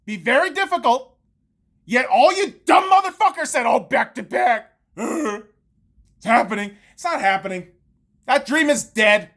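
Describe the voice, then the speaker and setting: A woman's voice: high-pitched, animated, normal speed, fairly bright tone. A woman podcast host, in her thirties, on a heated and profane sports rant full of sarcastic jabs.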